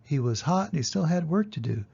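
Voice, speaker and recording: An older man reading a children's storybook aloud, gentle and expressive, in a dull lo-fi recording. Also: on the high side, brisk, creaky, slightly rough. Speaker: storybook reader.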